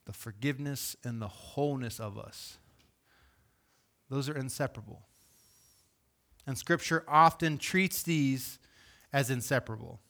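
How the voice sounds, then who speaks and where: A male pastor delivering a sermon in an animated, conversational preaching manner. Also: medium pitch, unhurried, long pauses.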